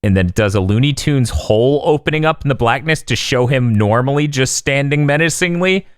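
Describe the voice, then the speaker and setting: A man's voice: mid-range voice, animated, fairly quick, clear, resonant tone, no room sound, studio quality. A man hosting a podcast, recapping an episode casually with frequent laughter and swearing. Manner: laughing, profane storytelling. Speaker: podcast host.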